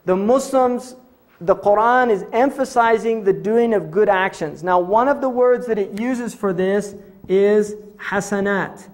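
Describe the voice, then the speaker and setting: A man's voice: high voice, measured pace, darkish tone. A man lecturing on religion to an audience, explaining ideas step by step, reciting scripture passages and posing rhetorical questions in a conversational tone. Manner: explanatory, defines terms and recites scripture in between.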